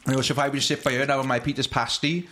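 A man's voice: mid-range voice, steady tone, racing, background noise. A man hosting a casual comedy chat, explaining at length with restarts and frequent laughter.

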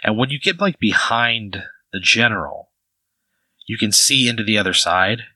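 Man, game master, low voice, bright tone, rambling, dry close sound. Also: expressive, moderate pace, dry recording, rough recording. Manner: rambling, many "like" fillers. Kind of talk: narrating a tabletop game.

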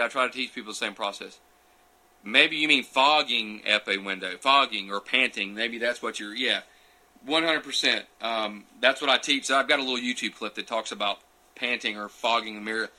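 A man's voice: mid-range voice, pushed and bright. A man hosting a casual live Q and A, chatting folksily and greeting viewers by name from his couch. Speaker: livestream host answering viewer questions. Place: small room, on a futon couch.

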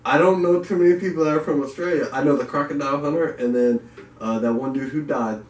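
A man's voice: on the high side, fast talker, distant mic. A man co-hosting a casual podcast, joking loosely and swearing freely. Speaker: podcast co-host. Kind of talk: casual chat. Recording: echoey room, off-mic.

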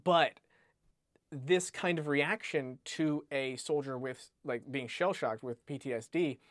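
A man in casual chat, talking through a book in a rambling, animated way, full of restarts and "like". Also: mid-range voice, unhurried, no echo, clean studio sound. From United States. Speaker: podcast co-host discussing a book.

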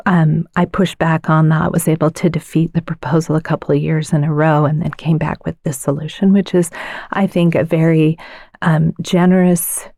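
A woman lawmaker explaining policy in an interview, measured and earnest, with frequent fillers and a slightly tired voice. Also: deep voice, little pitch movement, creaky, warm tone, dry recording, clean studio sound. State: voice tiring. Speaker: state legislator.

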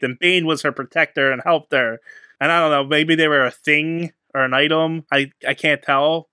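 Bright-voiced man recapping a film. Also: on the high side, smooth, no room sound, clean studio sound. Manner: recaps plot, dismissive and joking. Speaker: podcast co-host. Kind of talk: casual movie-review chat.

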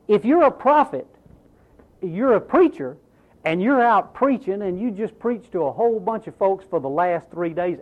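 Animated male preacher, tinny phone-like sound. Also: high-pitched. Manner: animated, emphatic preaching with rhetorical questions. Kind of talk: sermon.

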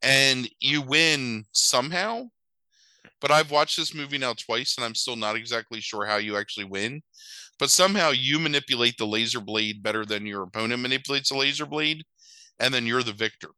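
Guy recapping a movie all rambly, lots of likes and ums, super bright dry voice. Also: mid-range voice, moderate pace, smooth, no room sound, low-quality recording. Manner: rambling, filler-heavy retelling with exaggerated quoted voices. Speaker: podcast co-host recapping a movie. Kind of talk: casual chat.

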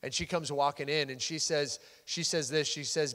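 A loud, excitable man preaching a sermon as a pastor, animated and full of quick restarts. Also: a little high. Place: church sanctuary. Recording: long hall reverb.

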